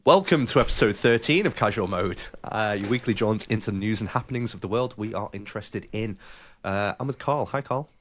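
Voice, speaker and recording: A man's voice: lowish voice, animated, brisk, hardly any pauses, slight background noise. A man hosting a casual podcast, joking around and reading news stories aloud with his own asides. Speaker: podcast host. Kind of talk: casual chat.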